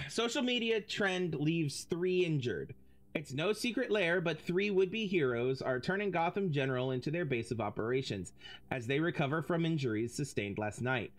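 A game streamer in casual let's-play commentary, reading in-game text aloud and bursting into loud laughter, with casual swearing. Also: medium pitch.

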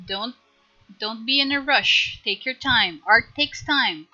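A woman teaching a live drawing tutorial on stream, chatty and giggly, gently coaching her viewers. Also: fairly high pitch, slow, dull audio.

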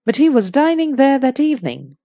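A woman voicing a frank, brisk middle-aged hostess with an emphatic manner. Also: sits high, sing-song, dark tone, no echo, studio quality, pitched above the performer's own voice.

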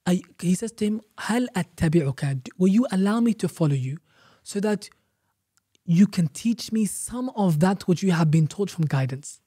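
A man's voice: high voice, lively intonation, normal speed, warm tone, breathy edge, dry recording, studio quality. A man, an Islamic teacher guest on a podcast, explaining a religious story emphatically with rhetorical questions and repeated phrases.

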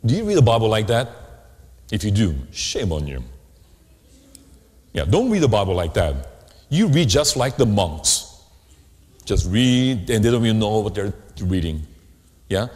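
Animated preacher man in a reverberant hall. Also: lowish voice. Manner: animated preaching, asks the congregation questions. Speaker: pastor. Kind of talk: sermon. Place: church sanctuary.

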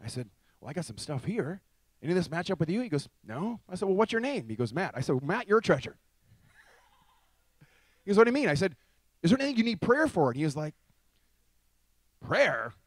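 A man telling a testimony story in a lively way, acting out both sides of the conversations he describes. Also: high-pitched, quick pace, long pauses, no room sound.

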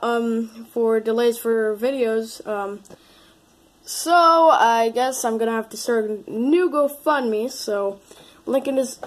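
A woman making a casual comedic vlog, talking in an excitable way that breaks into panicky exclamations. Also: high-pitched. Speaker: video creator.

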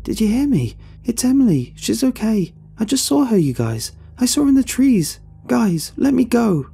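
A man voicing a frantic young woman who shouts and pleads in fear, his voice pushed far up. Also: very high-pitched, big pitch swings, moderate pace, creaky, husky, soft background music, pitched above the performer's own voice, exaggerated voice.

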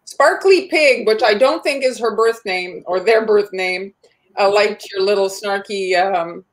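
A woman's voice: mid-range voice, a little slow, poor audio. A woman co-hosting a cookie-decorating livestream, chatting casually and reading out viewer comments.

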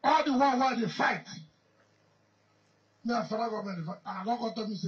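A man with a Nigerian accent speaks high in his register, pressing his points with repetition as he rambles through a public speech. He sounds set back from the microphone, and the recording is dull and muffled, with a light hiss underneath. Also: a little fast, recorded from a distance. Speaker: politician addressing a gathering.

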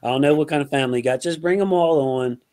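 A man's voice: on the high side, quick pace, a little mellow. A man hosting a casual sports podcast, loose and slangy, talking football scouting with a guest. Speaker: podcast host.

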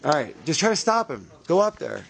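A young man directing actors on a film set, giving brisk, encouraging instructions. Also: a little high, very animated, creaky, fairly bright tone.

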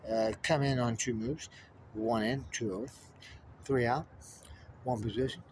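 A man's voice: medium pitch, steady tone, measured pace, noisy background. Man rambling and muttering number codes. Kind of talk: stream-of-consciousness monologue.

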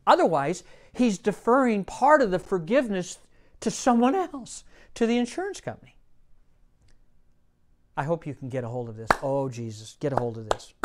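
A male pastor preaching a sermon in church, telling a folksy story and rising to emphatic bursts. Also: on the high side. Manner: folksy, self-deprecating.

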